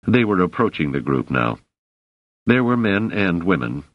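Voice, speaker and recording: A deep-voiced man narrates an audiobook in a measured, even manner, with lively pitch. The recording is dry and close, with a dull, lo-fi tone. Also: no room sound. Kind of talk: scripted narration.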